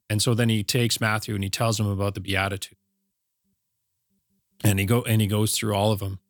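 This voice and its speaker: A man co-hosting a casual faith discussion, easygoing and self-deprecating, often speaking softly. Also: fairly low pitch, a little fast, dry recording, clean studio sound. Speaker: podcast co-host.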